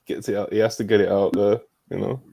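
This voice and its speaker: Low, mellow laid-back man. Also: fairly even intonation, quick pace, vocal fry, husky, dry recording. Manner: easygoing, laid-back, plugging the channel. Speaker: podcast co-host. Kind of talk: casual chat.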